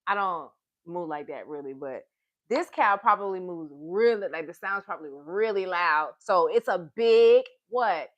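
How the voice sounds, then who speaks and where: The audio is dull, but the woman's lowish voice is expressive as she reads a picture book slowly and in a sing-song manner to young children over a live stream. Close to the device, she keeps pausing to ask her listeners questions.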